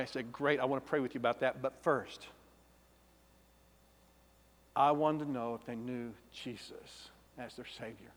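A man, a pastor giving an emotional personal testimony, swinging between loud and hushed. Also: mid-range voice. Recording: long reverb of a large hall.

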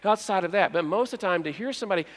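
A man delivers a storytelling sermon in a church sanctuary, and his voice sits noticeably high for a man. The sound carries a long hall reverb. He acts out characters' lines and drops to hushed tones at key moments. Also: very fast. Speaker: pastor.

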